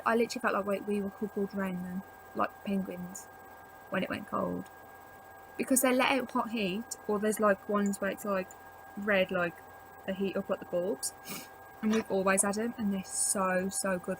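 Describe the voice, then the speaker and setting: A young woman at home gives tips to camera in a casual, rambling chat, heavy on "like" as a filler. She speaks at normal speed in a mid-range, fairly even voice, with noise in the background.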